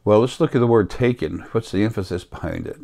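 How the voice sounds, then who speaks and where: A man talking in a slow, rambling monologue to his viewers, sick and coughing now and then. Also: fairly low pitch, vocal fry, dark tone. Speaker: vlogger. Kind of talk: casual monologue.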